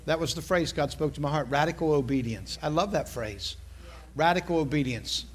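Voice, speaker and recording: A middle-aged male pastor preaching a sermon, telling a story with lively asides and repeated phrases. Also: fairly high pitch, fairly quick.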